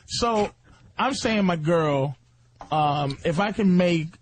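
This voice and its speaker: Casting: high-pitched man, profane radio regular, argumentative and loud. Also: animated, takes it slowly, a little hiss or hum. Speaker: comedian regular on a radio show. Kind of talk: heated radio banter.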